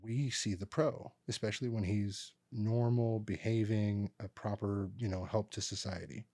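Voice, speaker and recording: A man's voice: fairly low pitch, fairly even intonation, moderate pace, a little mellow, no echo. A man co-hosting a podcast, chatting casually and acting out what his relatives said as he tells stories. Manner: rambling storyteller who acts out relatives' lines. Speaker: podcast co-host. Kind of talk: casual chat. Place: podcast studio.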